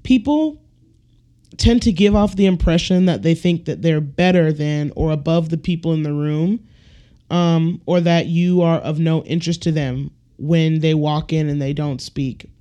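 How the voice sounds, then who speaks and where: A man's voice: fairly high pitch, measured pace, dark tone. A man hosting a casual solo podcast, ranting bluntly and profanely, and now and then acting out the people he quotes. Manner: acts out quoted people with shifts in voice. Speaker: podcast host.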